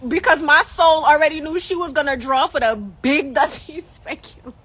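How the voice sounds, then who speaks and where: A woman vlogger telling a casual storytime, animated and slangy, laughing often. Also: sits high, moderate pace, poor audio.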